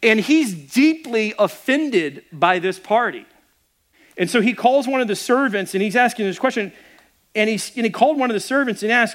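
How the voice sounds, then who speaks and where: A middle-aged pastor preaches a sermon, telling the story conversationally and acting out the people in it with animated, quoted voices. He restarts frequently, speaking in a high voice at normal speed.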